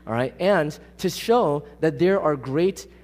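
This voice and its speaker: A man's voice: fairly high pitch, animated, slow pace, darkish tone. Man preaching in a reverberant hall. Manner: casual, emphatic, often asks the congregation questions. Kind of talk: conversational sermon. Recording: long reverb of a large hall.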